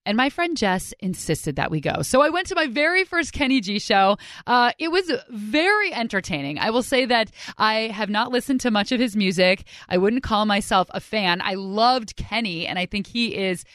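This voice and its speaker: Chatty upbeat woman hosting a podcast, medium pitch, lots of energy. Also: animated, moderate pace, few pauses, fairly bright tone, no room sound, studio quality. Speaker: podcast host. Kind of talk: casual storytelling narration.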